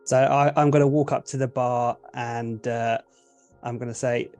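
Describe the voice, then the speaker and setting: Male player, relaxed and hesitant, mid pitch. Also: normal speed, clean tone, soft background music. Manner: easygoing, hesitant, chuckling. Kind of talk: casual tabletop play.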